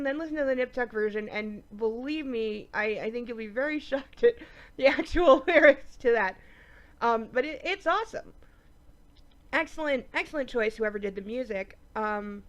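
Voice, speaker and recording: A woman with a stuffy nose giving a chatty, animated review of a TV episode, with lots of ums. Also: a little high. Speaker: TV show reviewer. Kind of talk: casual episode review vlog.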